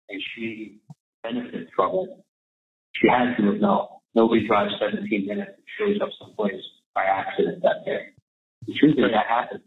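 A man on a played recording, talking with a mocking tone. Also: on the low side. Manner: mocking, imitates a drawl. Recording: tinny phone-line audio, echoey.

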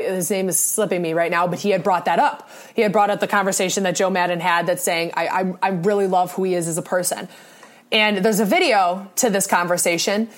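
A young woman co-hosting a sports podcast, talking in an earnest, rambling way with many restarts. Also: medium pitch. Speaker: podcast co-host. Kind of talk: casual sports podcast talk.

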